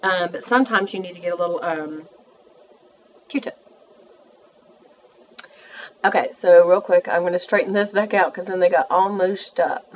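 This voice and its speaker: A woman's voice: lowish voice, normal speed, pauses often, muffled recording, a little hiss or hum. A woman, chatting through a makeup tutorial and talking to her viewers as she works. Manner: chatty, self-narrating, addresses viewers as y'all. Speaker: beauty vlogger.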